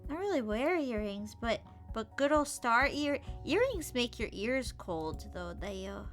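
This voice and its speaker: A young woman streaming a game, chatting playfully and gushing over cute outfits, sometimes dropping to soft whispers. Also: fairly high pitch, big pitch swings, a little slow. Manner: slips into soft whispers and mutters. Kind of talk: casual gameplay commentary. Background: game music.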